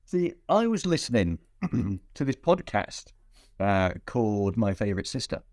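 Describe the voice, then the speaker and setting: Playful low-voiced man hosting a podcast. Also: very animated, a little slow, a little mellow, no echo, clean studio sound. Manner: playful, rambling, with frequent restarts. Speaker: podcast host. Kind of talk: casual podcast chat.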